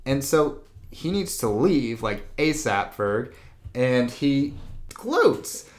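A man's voice: medium pitch, very animated, slow pace. A man in casual chat, retelling a movie plot in a rambling way, full of "like" and "blah, blah.". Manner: rambling, heavy use of "like" and "blah, blah".

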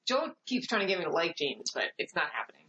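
Female guest, frank and blunt, bright and animated delivery. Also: on the low side, quick pace, low-quality recording. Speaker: podcast guest. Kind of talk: casual chat.

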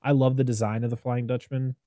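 A man hosts a relaxed podcast film discussion, talking in loose, rambling runs full of restarts. His voice is warm and mellow. The sound is dry and close. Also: medium pitch, a little fast, dry recording. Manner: rambling and animated, lots of "like" and restarts. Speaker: podcast host reviewing a film. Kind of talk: casual chat.

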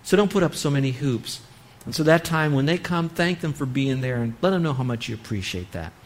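A man's voice: mid-range voice, expressive, a little fast. A man preaching a sermon on parenting, earnestly acting out what a parent might say. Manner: earnest, acts out parent-child dialogue. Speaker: pastor.

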